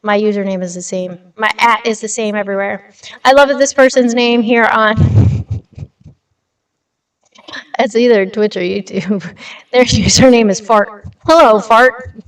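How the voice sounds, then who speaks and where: A young woman with a higher, smooth and clear voice hosts a casual livestream. She is blunt and chatty and swears now and then. She sits a little back from the mic, and a light reverb hangs on her voice. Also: fairly even intonation, measured pace, long pauses. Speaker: livestream host. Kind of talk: casual livestream chat reading news. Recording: slightly distant with light reverb.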